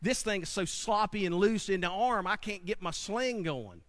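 A man's voice: sits high, normal speed, a bit bright. A man voicing a bold young male shepherd who speaks plainly and with determination, in a retold story. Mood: earnest. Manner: earnest, determined.

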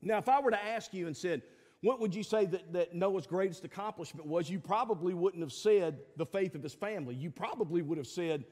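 A man's voice: high-pitched, a little fast, darkish tone, long reverb tail. A male pastor, preaching a sermon in a conversational, folksy way with fillers and emphatic peaks.

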